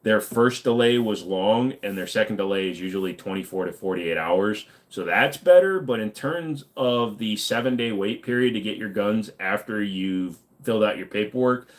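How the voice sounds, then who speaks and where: A man's voice: lowish voice, normal speed, hardly any pauses. A man hosting a casual livestream, reading chat aloud and answering in a blunt, profane, ranting way.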